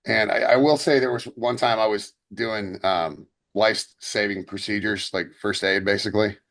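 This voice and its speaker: Rambling through stories with lots of fillers and false starts, this young podcast co-host keeps the chat casual. He speaks at a moderate pace in a lowish, fairly bright voice.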